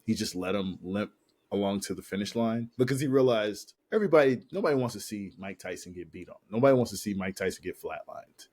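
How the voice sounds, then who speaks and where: A man with a fairly low voice talks through a casual podcast chat. He rambles in slangy asides and circles back over the same points as he talks. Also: a little mellow. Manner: rambling, slangy, repeats himself. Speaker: podcast co-host.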